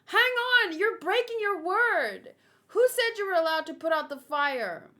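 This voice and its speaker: A woman's voice: extremely high pitch, very animated, unhurried, bright, forceful tone, voice pushed up, exaggerated voice. A woman voicing a menacing villain who scolds scornfully. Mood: accusing.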